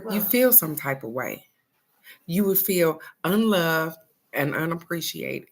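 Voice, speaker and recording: An older woman with a drawl hosts a morning live stream and talks heart to heart with her viewers. Her voice sits a little low for a woman, and she keeps coming back to her point with a "guess what?". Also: animated, slow pace, creaky. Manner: repetitive, warm-hearted, asks "guess what?". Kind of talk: casual heartfelt talk to viewers.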